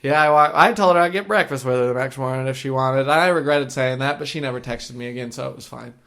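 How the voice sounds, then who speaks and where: Guy cohosting a podcast, crude rambly storyteller, laughs a lot, normal middle pitch. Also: fast talker, vocal fry, a bit bright. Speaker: podcast co-host. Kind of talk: casual storytelling chat. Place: shared room with co-host.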